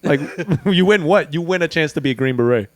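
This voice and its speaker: A man's voice: on the high side, lively intonation, no echo. Young man, rambling crude podcast banter. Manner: laughs often, quick rambling storytelling with crude humor. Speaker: podcast co-host. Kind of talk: casual chat.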